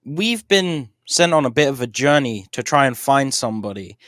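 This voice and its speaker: Hesitant man with a lively voice. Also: medium pitch, normal speed. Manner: hesitant, full of ums. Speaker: player. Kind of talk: casual tabletop game chat.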